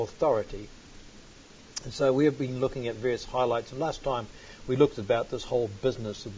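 A man's voice: medium pitch, dark tone, slight background noise. A man teaching a Bible study sermon, reading scripture aloud and breaking into sudden emphatic bursts. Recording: dull lo-fi recording.

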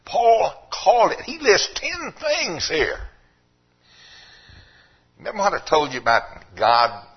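An older man with a drawl delivers a sermon in a husky, somewhat high voice. His preaching moves between quiet, low asides and loud, emphatic declarations. The church recording sounds dull and lo-fi. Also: wildly swooping pitch, takes it slowly.

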